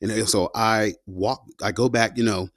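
A man's voice: on the low side, fairly even intonation, unhurried, a bit bright, dry recording, clean studio sound. A man, a combat veteran, telling his story in a loose, slangy way, full of "you know" and "man". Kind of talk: casual spoken storytelling.

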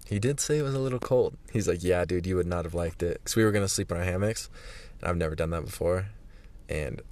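A man's voice: low voice, quick pace. A young man talking to the camera in a candid vlog monologue, rambling and blunt, swearing freely and sometimes dropping to a whisper, recorded indoors in a room. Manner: rambling, blunt, profane, drifting into hushed whispers. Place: indoors, a room where he is staying.

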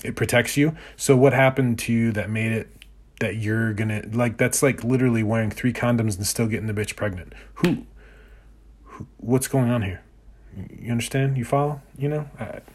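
A man's voice: mid-range voice, normal speed, long pauses, a little mellow, husky. A man in his thirties hosting a solo podcast, ranting in a profane, exasperated way. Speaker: podcast host.

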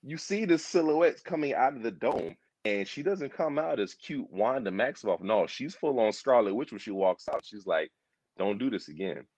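Speaking at normal speed with few pauses, a man with a mid-range voice chats about a TV series in an animated, rambling way. He repeats himself and performs quotes in this casual pop culture talk, recorded with no echo.

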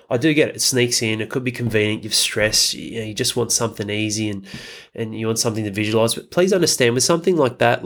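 Blunt, swearing man. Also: medium pitch. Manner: blunt and profane, heavy swearing. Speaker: podcast host. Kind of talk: casual motivational podcast monologue.

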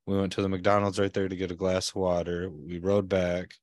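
A man's voice: deep voice, level tone, a little fast, dry recording, clean studio sound. A man, a father, co-hosting a podcast, telling a childhood story in casual chat, swearing freely and acting out what people said. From Michigan. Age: adult parent. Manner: swearing storyteller who acts out quotes. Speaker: podcast co-host.

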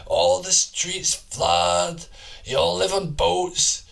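A man voicing a crude, four-armed, time-traveling male freak from the future, ranting in a raspy, rambling, gleefully absurd way. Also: high voice, steady tone, very slow, a bit bright, pitched above the performer's own voice, heavily acted. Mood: manic ranting. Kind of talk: improvised comedy bit.

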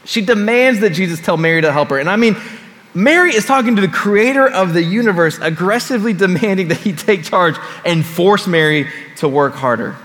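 Pastor, male, slightly high voice, chatty sermon delivery with asides, long hall reverb. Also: expressive, fairly quick, a bit bright. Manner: conversational, with casual asides and repeated phrases.

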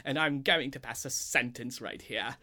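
A man's voice: medium pitch, moderate pace, sharp tone. A man voicing a haughty queen in a put-on transatlantic accent, pompous and mock-grand.

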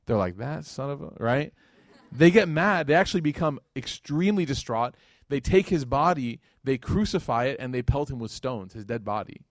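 A man in his thirties gives a religious lecture in an ordinary mid-range voice, recorded close and dry. He tells a story with lively acted-out quotes and often turns to ask his listeners questions. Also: mid-range voice, no room sound. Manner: animated storyteller, acts out quoted speakers, addresses audience directly.

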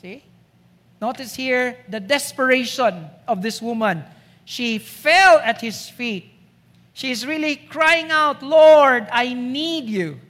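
Woman preacher, slow and emphatic, long church-hall echo. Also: high-pitched, sharp tone. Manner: emphatic, rhetorical questions. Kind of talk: sermon.

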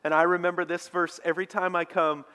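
A man preaching a sermon as a pastor, telling a story with animated energy. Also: high voice, fast talker. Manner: animated storytelling preacher, mocking shouts in quoted lines. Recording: long hall reverb.

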